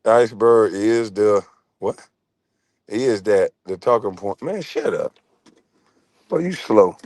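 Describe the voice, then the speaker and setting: A man's voice: lowish voice, lively intonation, takes it slowly, darkish tone, dry recording. A man hosting his own livestream, ranting in a profane, mocking way and laughing often. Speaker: livestream host.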